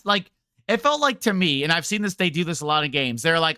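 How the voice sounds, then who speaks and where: A man's voice: fairly high pitch, sing-song, brisk, bright, forceful tone, smooth, dry recording, studio quality. A man streaming a game, ranting to his chat in a rambling, sarcastic way. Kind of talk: casual game rant to chat.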